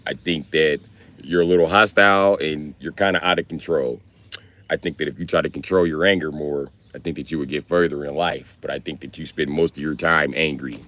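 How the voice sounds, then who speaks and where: A man voicing his calm, proper-spoken older brother giving measured advice. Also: extremely low pitch, voice pushed down. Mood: lecturing. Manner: soft, measured, polite lecturing.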